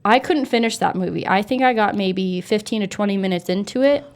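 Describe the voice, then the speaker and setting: A young woman co-hosting a casual chat, animated and easily spooked, with plenty of fillers. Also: mid-range voice, a little fast. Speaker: co-host.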